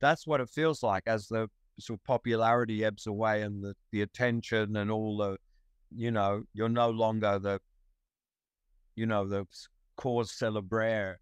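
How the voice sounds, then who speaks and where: A man's voice: on the low side, fairly even intonation, a little slow, clean tone, no echo. A man, a musician guest in a podcast interview, rambling and self-deprecating. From Australia.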